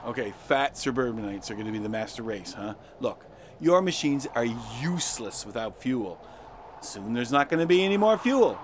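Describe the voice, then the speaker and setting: A man's voice: mid-range voice, big pitch swings, normal speed, a little hiss or hum. A man performing comic sketches and a satirical monologue, sarcastic and exasperated. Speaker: comedy performer.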